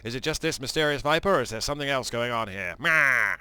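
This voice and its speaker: A man putting on a gruff hard-bitten investigator. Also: medium pitch, animated, fast, pushed and bright. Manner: raised, clipped put-on voice.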